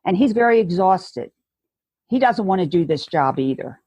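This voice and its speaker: A woman guest speaking earnestly in a conversational interview, telling stories and acting out inner voices, with a husky voice. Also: on the low side, lively intonation, normal speed, warm tone, dry recording. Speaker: guest educator.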